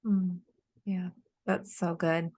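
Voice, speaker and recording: A woman hosting a faith podcast, closing the interview in a soft, affirming way. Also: lowish voice, flat delivery, slow pace. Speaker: podcast host.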